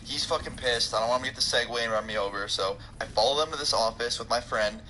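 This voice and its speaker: Fast-talking young man telling a story. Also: mid-range voice, bright, forceful tone. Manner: profane, rambling, joking. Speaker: storytime vlogger. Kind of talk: casual storytelling. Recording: clear background noise.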